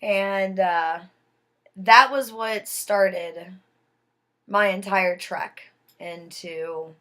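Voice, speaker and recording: In a mid-range voice, a woman relates her own life story, keeping it casual yet dramatic. She speaks slowly and with care, hushing her voice whenever the tension rises.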